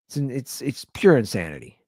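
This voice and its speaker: A man in his thirties hosting his own podcast, telling stories in a casual comedic rant and jumping into high-pitched quoted voices. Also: big pitch swings, a little fast, dark tone, no room sound, clean studio sound. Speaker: podcast host.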